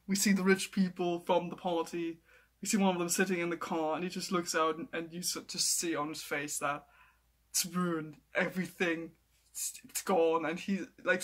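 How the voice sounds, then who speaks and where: An excitable man gushes through a TV episode review, tripping over his words and circling back to repeat himself. His voice sits high for a man and has a sharp, bright edge. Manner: enthusiastic, repeats words and restarts often.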